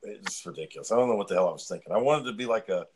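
A man's voice: lowish voice, expressive, racing, a little mellow, a little hiss or hum. A man hosting a podcast, telling stories in casual chat with lots of cursing and laughter. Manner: profane, laughing storyteller. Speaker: podcast host.

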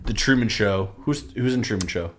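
A man co-hosting a casual podcast chat, speaking in halting, hesitant phrases. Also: fairly low pitch, fairly bright tone, a little hiss or hum. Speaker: podcast co-host.

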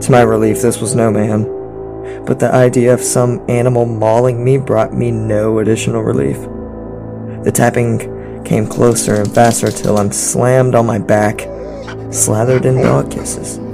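A man narrating a first-person horror story in a measured way, with occasional stumbles. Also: medium pitch, flat delivery, creaky. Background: music.

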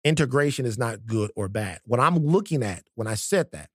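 A man co-hosting a podcast, speaking in an everyday stop-start way and restarting his sentences often. His voice sits at a middle pitch for a man. The sound is dry and close, with almost no room echo. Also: expressive, normal speed, husky. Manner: conversational, stop-start with many fillers and restarts. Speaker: podcast co-host. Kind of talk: casual podcast chat.

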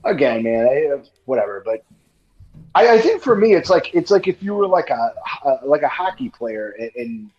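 A man's voice: mid-range voice, sing-song, moderate pace, darkish tone, muffled recording. A man co-hosting a podcast in casual chat, rambling with lots of fillers. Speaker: podcast co-host.

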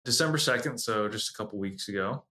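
A man's voice: fairly low pitch, fast, bright, forceful tone. A man co-hosting a casual podcast chat, easygoing and laid-back as he talks about a show. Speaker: podcast co-host.

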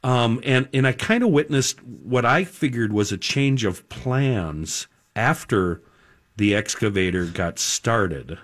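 A man's voice: medium pitch, lively intonation, slow, fairly bright tone. A man in a casual chat, talking in an easygoing, plainspoken way and asking questions.

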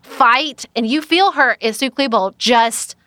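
Bright, earnest woman podcast guest. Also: a little high, a little slow, no echo. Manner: earnest, emphatic, heartfelt. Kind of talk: casual book-review chat.

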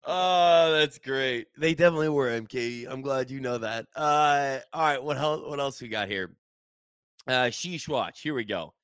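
A man co-hosting a casual podcast, telling rambling, animated anecdotes with profanity. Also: mid-range voice, moderate pace, clean tone, dry recording, clean studio sound. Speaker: podcast co-host, former team manager.

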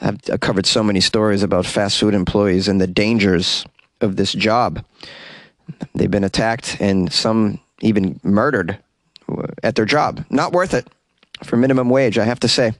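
A man's voice: lowish voice, steady tone, moderate pace, no room sound. A man hosting a comedy news podcast, reading stories aloud and cutting in with sarcastic asides. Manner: sarcastic, reads news then riffs on it. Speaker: podcast host. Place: small closet.

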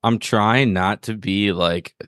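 A man's voice: fairly low pitch, steady tone, takes it slowly, a bit bright, dry recording, studio quality. A man co-hosting a casual talk show about a TV series, rambling and jokey with lots of filler words. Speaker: podcast co-host. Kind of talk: casual chat.

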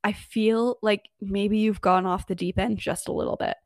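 A woman's voice: medium pitch, steady tone, normal speed, darkish tone, dry recording, clean studio sound, natural voice. Woman doing a sarcastic teenage joker boy. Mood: mocking. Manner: sarcastic, dismissive.

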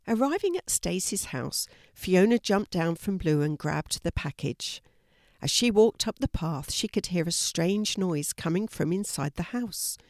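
An older woman reading a children's story aloud, calm and clear. Her voice sits low and gentle. The recording is dry and close. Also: no room sound.

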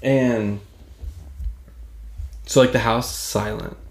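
A man's voice: mid-range voice, steady tone, slow pace, creaky. A man co-hosting a casual podcast chat, adding wry, joking asides. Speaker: podcast co-host.

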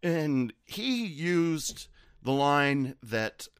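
A man's voice: fairly high pitch, very animated, extremely slow, clear, resonant tone, no room sound, studio quality. A man, a bartender, telling stories from his bar in a casual, sardonic, profane way. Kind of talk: casual storytelling.

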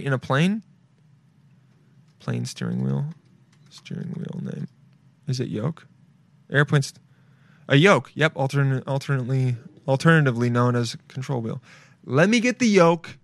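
A medium-pitched man hosts his own podcast solo, recorded with no room sound. His casual chat is loose and rambling, heavy on swearing and playful asides.

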